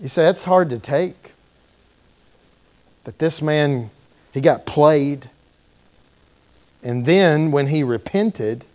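A man preaching a sermon in a church, telling the story with animated delivery and acting out the voices of its people. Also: mid-range voice. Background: congregation calling out responses.

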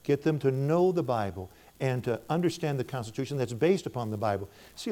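An older American minister with a mellow, mid-range voice preaches to a church, giving testimony through stories from his ministry. He acts out both sides of the conversations in a raised voice.

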